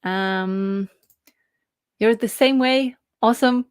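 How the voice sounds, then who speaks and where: Slow-talking chatty woman streamer. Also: a little high, smooth, no room sound, clean studio sound. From Norway. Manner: chatty, reads chat aloud, laughs often, hesitant fillers. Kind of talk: casual live-stream chat.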